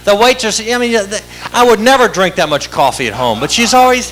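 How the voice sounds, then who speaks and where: A man doing a stand-up comedy routine on a club stage, wired and chanting words in rapid-fire repetition. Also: high-pitched, big pitch swings, pushed and bright, soft background music, rough recording. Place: club stage with live audience.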